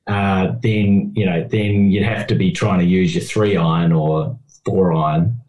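A man's voice: sits low, fairly even intonation, a little slow, darkish tone. A man speaking as a rules expert on a podcast, explaining in a hesitant way with many fillers. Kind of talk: casual chat. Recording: echoey room.

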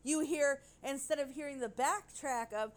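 A woman's voice: sits high, moderate pace. A woman co-hosting a casual podcast chat, rambling and gushing, with casual swearing. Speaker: podcast co-host.

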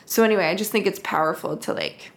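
A woman's voice: mid-range voice, fast talker. A woman co-hosting a casual faith podcast. She tells a story reflectively and acts out the quoted voices. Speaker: podcast co-host.

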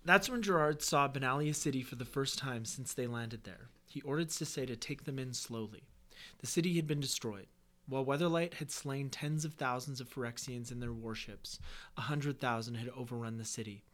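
A man's voice: mid-range voice, a bit bright. Man casually retelling a fantasy story. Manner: reads story text, then breaks off into joking asides. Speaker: podcast host.

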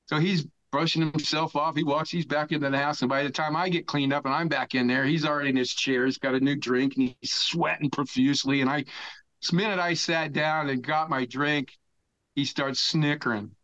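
A man's voice: a little high, fairly bright tone, no echo. An older man from the United States, a podcast guest, telling a rambling, profane story in casual talk and laughing as he goes. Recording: dull lo-fi dry sound.

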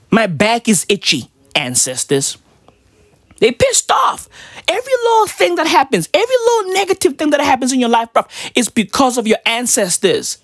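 A woman's voice: no room sound, studio quality. A woman in a rambling, slangy comedic rant, laughing at her own jokes. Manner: rambling, slangy, swooping between high squeals and low mutters. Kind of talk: comedic stream-of-consciousness rant.

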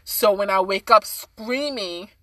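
Woman talking, bright voice, earnest and fired up, lots of "like", dry close mic. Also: mid-range voice, slow pace, no echo. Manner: earnest, impassioned, many fillers. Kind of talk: casual podcast conversation.

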